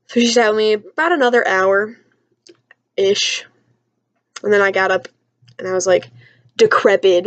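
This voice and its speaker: A woman's voice: medium pitch, no echo. A young woman telling a story in a chatty, self-mocking vlog from her basement at home, with lots of "like.". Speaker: vlogger.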